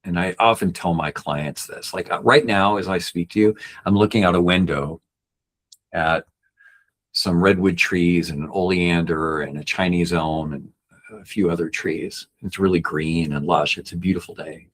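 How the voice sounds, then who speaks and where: On a podcast, a middle-aged male guest earnestly recounts something from his own life at a normal speed. His voice is steady and a bit bright, and it climbs higher whenever he imitates someone he's quoting.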